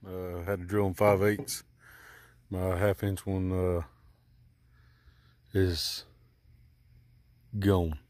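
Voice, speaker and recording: Middle-aged guy w a lowish voice, rambling thru a diy boat project outside, lots of ums. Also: level tone, drawn-out words, long pauses, darkish tone, no echo. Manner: rambling, thinking aloud with many fillers. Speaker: DIY channel host. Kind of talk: casual how-to explaining.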